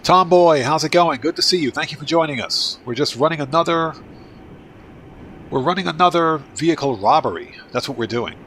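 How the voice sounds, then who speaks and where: A Baltimore man with a Northeastern American accent hosts a gaming livestream, casually chatting with viewers and answering their chat with frequent restarts. His fairly high, a bit bright voice is expressive and fairly quick, with slight background noise.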